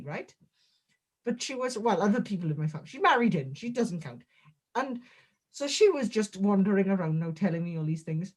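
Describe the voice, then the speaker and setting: A man, a guest on a comedic in-character interview, rambling through absurd jokes in a deadpan way. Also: high voice, a little fast.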